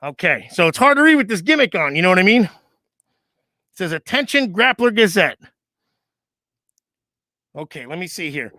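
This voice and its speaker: A man's voice: high voice, sing-song, moderate pace, long pauses, bright, forceful tone, no echo, clean studio sound. A man co-hosting a casual podcast, joking and rambling as he riffs on a bit, often stopping to restart his sentences. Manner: joking, rambling, self-interrupting. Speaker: co-host.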